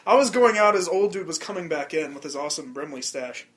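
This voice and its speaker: A podcast host with a slightly high voice talks fast over a bit of background noise, his nose a little stuffy. In this casual chat he's animated, telling stories full of swearing, frequent laughter, and acted-out quotes.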